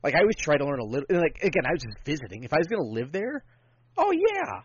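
A man's voice: on the high side, wildly swooping pitch, fast talker, lo-fi sound, slight background noise. A man in casual podcast chat, rambling and swearing freely with lots of enthusiasm.

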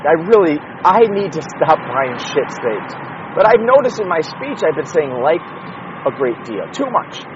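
A young man from the Chicago area hosts a solo podcast of casual MMA commentary from his car with the window open, so traffic and street noise sit faintly behind the muffled audio. His voice is fairly high, and he rambles through profane asides, often interrupting himself.

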